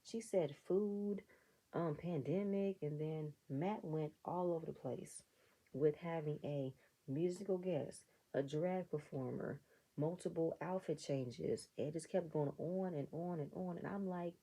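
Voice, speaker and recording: A woman's voice: low-pitched, unhurried, dark tone, low-quality recording. A woman giving a casual review of a reality show episode, with sarcastic commentary and mock reactions. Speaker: reality TV recap vlogger.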